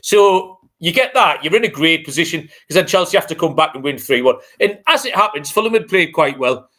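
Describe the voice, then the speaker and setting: A man, co-hosting a podcast in loose, casual chat. His voice is bright and a touch high, and he rants bluntly with plenty of swearing. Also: lively intonation, fairly quick. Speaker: podcast co-host.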